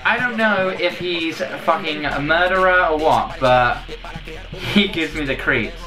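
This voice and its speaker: A man's voice: fairly high pitch, unhurried, over music. A man commentating his own horror game playthrough, jumpy and swearing, yelping when startled. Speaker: gaming video host. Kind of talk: let's play commentary.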